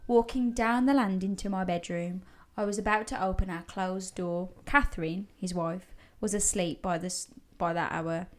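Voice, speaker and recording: A woman's voice: mid-range voice, fairly even intonation, normal speed, hardly any pauses. A woman co-hosting a podcast, casually reading out listeners' ghost stories with laughs and the odd swear word. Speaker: podcast co-host. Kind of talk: casual storytelling chat.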